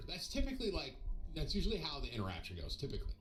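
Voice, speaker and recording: A young man streaming, casually telling a story to his viewers in an animated, joking way, often restarting and talking to the chat. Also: on the high side, racing, soft background music, rough recording. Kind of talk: casual storytelling to a live audience.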